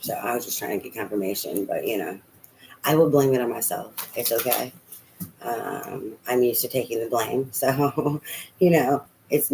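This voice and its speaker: A man's voice: mid-range voice, gravelly, noisy background. Chatty man giving a tarot reading. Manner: chatty, swears casually, talks to spirit aloud. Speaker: tarot reader.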